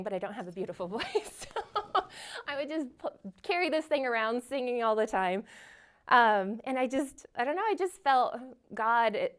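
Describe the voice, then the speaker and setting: A woman giving a personal faith testimony, earnest and storytelling, with frequent fillers and small laughs. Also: medium pitch. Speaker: guest sharing her testimony.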